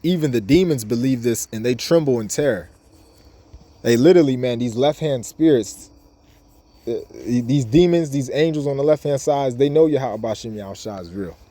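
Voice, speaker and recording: A man with a dark-toned, mid-range voice speaks at a moderate pace. As a bible teacher, he gives an informal, repetitive scripture lesson, reading verses aloud between his own comments.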